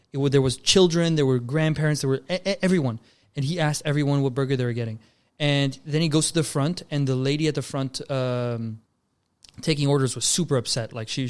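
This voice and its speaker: A young man from Canada, a filmmaker guest, telling a long story in a casual chat, easygoing and calling people bro and dude. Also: a little high. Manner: laid-back, calls people bro and dude.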